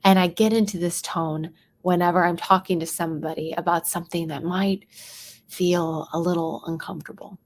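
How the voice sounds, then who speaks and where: Fast-talking woman sales coach. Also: lowish voice, steady tone. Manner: fast-talking, shifts between whispers and bright bursts to demonstrate tones. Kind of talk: teaching sales tonality to a live chat audience.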